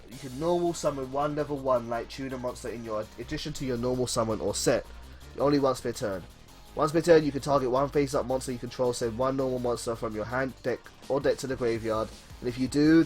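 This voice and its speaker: Excitable man streaming a card game. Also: mid-range voice. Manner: excitable, reads card text aloud. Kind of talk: casual live-stream commentary.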